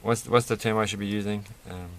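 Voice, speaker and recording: A man's voice: on the low side, fairly even intonation, fairly quick, noisy background. A man rambling through a toy build with self-mocking, off-the-cuff commentary, laughing at his own jokes. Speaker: toy reviewer building a set.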